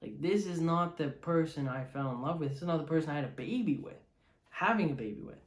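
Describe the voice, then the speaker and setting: A man's voice: on the high side, expressive, fast talker, close to an everyday voice. Heartbroken young woman, disbelieving - a guy puts on the lines in an echoey room. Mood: hurt. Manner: hurt, disbelieving.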